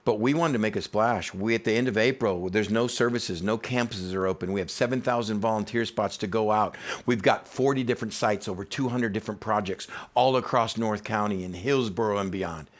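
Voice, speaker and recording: A male teaching pastor delivering a sermon, telling stories in an animated way. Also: fairly low pitch, fairly quick, hardly any pauses. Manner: animated, storytelling.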